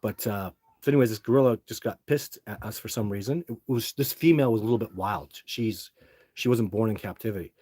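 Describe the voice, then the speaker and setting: Talking quickly in a lowish, mellow voice, a middle-aged man rambles through stories for his stream's chat, restarting often and leaning on fillers. There is no room sound.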